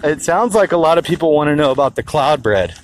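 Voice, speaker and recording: A man's voice: a little high, expressive, fast talker, a little hiss or hum, low-quality recording. A man talking casually into his phone for his vlog, rambling and swearing as he tells a story. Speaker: health vlogger. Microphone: handheld phone held low.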